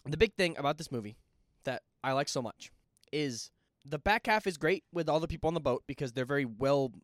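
A man's voice: fairly high pitch, lively intonation, a little fast, no echo, clean studio sound. A young man co-hosting a podcast, chatting casually about a film and rambling through restarts mid-thought. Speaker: podcast co-host.

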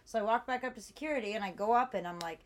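A young adult woman telling a story in casual chat, animated, acting out what people said, with many "like" fillers. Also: on the high side, racing. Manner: heavy use of "like" as filler. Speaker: storyteller in a conversation.

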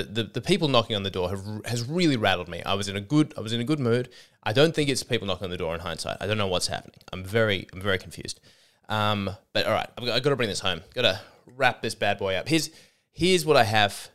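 Rambling man, low smooth voice. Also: animated, fast talker, fairly bright tone. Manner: rambling, self-interrupting, sweary. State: a little sick. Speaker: comedy podcast host. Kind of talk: rambling comedic storytelling.

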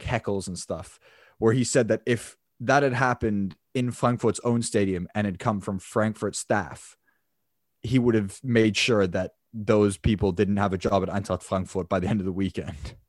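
A man with a fairly low voice talks football on a podcast, rambling easily and restarting his sentences as he goes. The sound is dry and close to the mic, with no room around it. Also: steady tone, normal speed, no echo. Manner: chatty, rambling with restarts and laughs. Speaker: podcast co-host. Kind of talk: casual football podcast chat.

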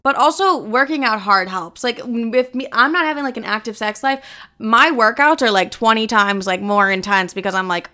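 A woman hosts her own podcast in a bright, clear voice, speaking frankly and with plenty of swearing. She jumps between casual chatter and acting out her own side of conversations. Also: fairly high pitch, normal speed. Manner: candid, profane, animated, acts out her own quoted lines. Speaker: podcast host.

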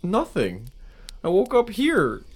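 A man's voice: high-pitched, huge pitch swings, slow pace, breathy edge, voice pushed up, exaggerated voice. A man voicing a frightened man who woke up in a stranger's dead body, frantic and pleading. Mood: panicked. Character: panicked man waking in a stranger's corpse.

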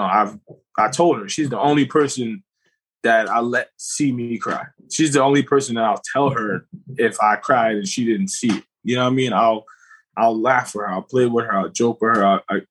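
A man speaking reflectively in casual chat, halting with many fillers and restarts. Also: fairly low pitch, fairly bright tone, slightly rough, low-quality recording. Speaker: podcast co-host.

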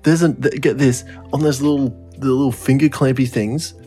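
A man's voice: medium pitch, steady tone, normal speed, mellow, faint music behind. A young man telling a story in casual podcast chat, rambling, swearing often and laughing through it. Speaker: podcast co-host.

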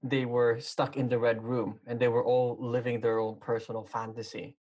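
A man's voice: mid-range voice, little pitch movement, normal speed, a little mellow, dull audio. A man talking casually about a TV series, rambling and hesitant, with many fillers and restarts. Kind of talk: casual chat.

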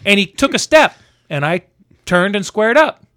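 A man telling a story about his workday in casual chat, animated and acting out the people he met. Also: high-pitched, normal speed, dry recording, clean studio sound. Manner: animated, acts out angry shouting in quotes.

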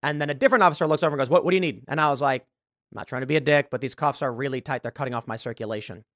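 A man's voice: medium pitch, rapid-fire, a bit bright, dry recording, clean studio sound. A man hosting a podcast, telling a long story and acting out the dialogue. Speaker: show host. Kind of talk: podcast monologue.

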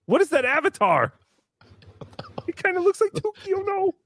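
A man's voice: extremely high pitch, very animated, normal speed, fairly bright tone, no echo, full character voice. A man voicing a brash, boastful comic character who talks about himself in the third person while hosting a livestream. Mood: excitable. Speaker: show host character. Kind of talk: livestream comedy banter.

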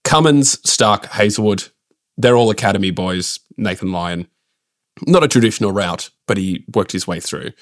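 Low-voiced man ranting. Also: moderate pace, no echo, studio quality. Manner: opinionated, ranting. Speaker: podcast co-host. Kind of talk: casual cricket podcast chat.

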